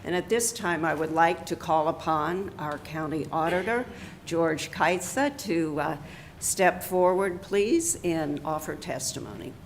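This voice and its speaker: Lady commissioner running a hearing, slow careful reading, bit of noise behind. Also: sits low. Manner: slow, deliberate reading with fillers. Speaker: county commissioner presiding over a hearing. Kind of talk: formal public hearing. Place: county meeting room.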